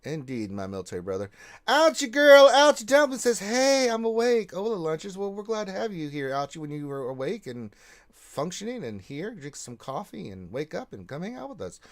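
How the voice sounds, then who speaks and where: A man hosting a casual gaming livestream, reading out chat messages and giving loud shout-outs to viewers. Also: a little high, very animated, brisk.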